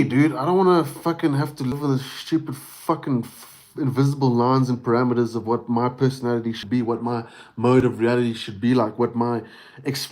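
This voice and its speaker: A man's voice: medium pitch, darkish tone. A man talking straight to his livestream in a casual, rambling rant, swearing freely and calling the listener "dude" and "bro". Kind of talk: casual ranting monologue.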